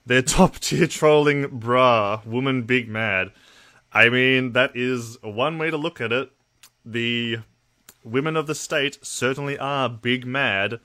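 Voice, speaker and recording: Blunt, bright-voiced Australian man streaming. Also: mid-range voice, slow pace. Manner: blunt, profane, talks to chat. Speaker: livestream host. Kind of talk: casual livestream chat.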